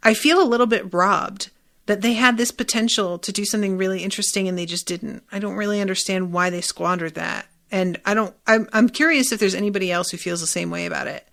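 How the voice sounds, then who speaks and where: Speaking fast in a mid-range, creaky, slightly bright voice, a female podcast host recaps a TV episode casually. She's candid and emphatic, with frequent fillers and the occasional swear word.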